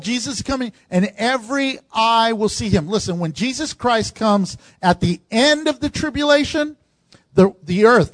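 High-voiced pastor preaching, dry close sound. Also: male voice, no room sound. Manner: animated, acts out quoted voices of congregants. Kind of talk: sermon.

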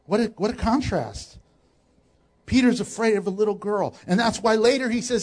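High-pitched pastor guy preaching, jokey and animated, does little voices for quotes. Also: normal speed. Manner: animated, joking, acts out quotes. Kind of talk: sermon.

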